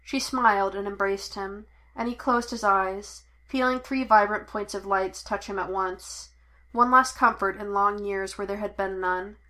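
A woman reading a piece of fan fiction aloud as narrator, even and measured. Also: medium pitch. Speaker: podfic reader. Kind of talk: storybook narration.

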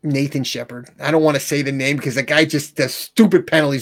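Man with a higher voice, talking sports. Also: fairly quick, hardly any pauses. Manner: animated, tags points with "right?"; repeats and restarts words. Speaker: sports show co-host. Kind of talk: casual sports talk.

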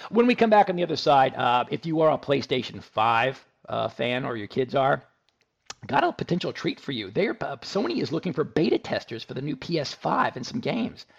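A man's voice: mid-range voice, big pitch swings, fairly quick, gravelly, husky, highs cut off. A man from Texas hosting a radio tech talk show, chatty and joking, with lots of fillers and restarts.

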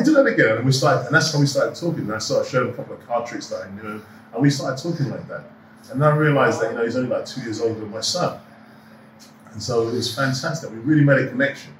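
A man's voice: mid-range voice, recorded from a distance, a little hiss or hum. A middle-aged man races through his stories, voicing each quoted line with energy. He sits back from the mic in a roomy, echoing space. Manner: animated storyteller who acts out quoted dialogue. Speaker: actor and producer, guest. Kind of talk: anecdotal interview chat. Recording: echoey room, voice off-mic.

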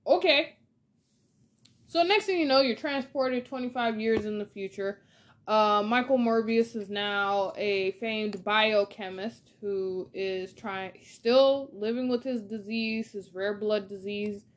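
A woman's voice: mid-range voice, takes it slowly. A woman hosting a casual film review monologue, chatty and exasperated, ranting with lots of filler words. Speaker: podcast host reviewing films.

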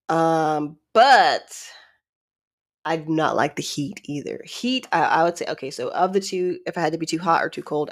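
A woman from Maryland hosting her own Q&A podcast, chatty and candid, thinking out loud and restarting her sentences with playful asides. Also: deep voice. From Maryland, USA. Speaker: podcast host. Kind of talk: casual solo Q&A podcast.

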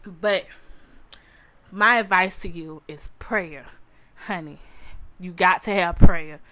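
A woman's voice: on the low side, takes it slowly, bright, forceful tone. A young adult woman hosting her own podcast, telling her personal story to listeners in an earnest, repetitive way and calling them honey. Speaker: podcast host. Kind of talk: personal testimony to a live audience.

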